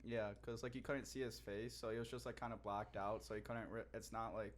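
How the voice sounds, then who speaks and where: A man's voice: fairly low pitch, level tone, brisk, a little hiss or hum. Rambling young man, casual podcast host. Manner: rambling, full of "like", trailing off mid-sentence. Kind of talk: casual chat.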